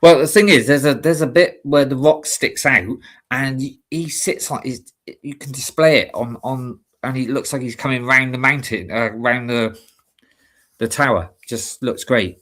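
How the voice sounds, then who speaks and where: A man co-hosting a live stream, chatting casually and rambling with many halting restarts. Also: mid-range voice, fairly bright tone. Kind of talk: casual chat.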